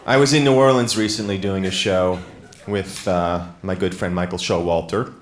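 A man's voice: deep voice, steady tone, moderate pace. A man performing a stand-up comedy set on stage, telling a self-mocking story with dry sarcasm. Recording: echoey live room with clear background noise.

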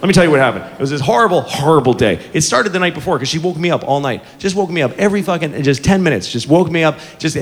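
A man in his forties doing stand-up on a club stage, swearing freely and mocking himself. His voice sits high for a man and swoops up and down with lively swings. The room echoes, with an audience and steady noise around him. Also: fast, hardly any pauses. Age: 40s. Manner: profane, self-mocking, animated. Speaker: stand-up comedian. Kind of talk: stand-up storytelling.

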